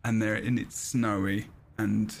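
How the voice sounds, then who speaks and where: A man's voice: on the low side, flat delivery, a little slow, vocal fry, slight background noise. A man hosting a gaming podcast in casual banter, teasing his guests, laughing often and trailing off with ums. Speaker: podcast host.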